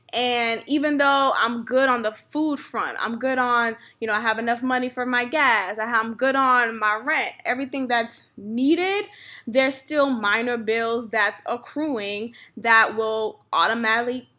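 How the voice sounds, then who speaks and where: A woman's voice: a little high, pushed and bright. A young woman hosting her own podcast, venting in a casual, exasperated way and laughing often. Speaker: podcast host. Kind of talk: casual solo podcast rant.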